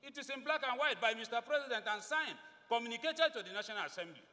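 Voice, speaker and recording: A man with a Nigerian accent giving a formal, emphatic floor speech as a legislator, deliberately stressing key words. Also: very high voice, animated, sharp tone. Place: legislative chamber. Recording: long reverb of a large chamber.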